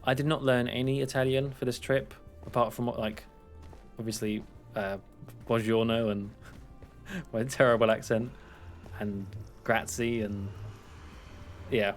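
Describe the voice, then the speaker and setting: A man's voice: medium pitch, flat delivery, moderate pace, pauses often, faint music behind. A young English man streaming while he plays, chatting casually in a rambling, self-mocking way with frequent laughs. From England. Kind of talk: casual chat while gaming.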